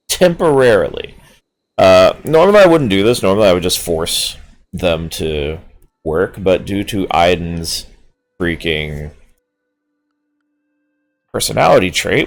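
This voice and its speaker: A man with a very low voice narrates his game in a rambling, self-amused way, tossing in casual swears. His pitch jumps around a lot, and he sounds sleepy, as if he has just woken up. Faint music plays behind him. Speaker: let's-play host. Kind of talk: gameplay commentary.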